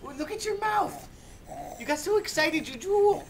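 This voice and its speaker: A woman's voice: very high voice, lively intonation, normal speed, a crowd in the background, poor audio. A woman cooing, coaxing and cheering on a baby in a home video.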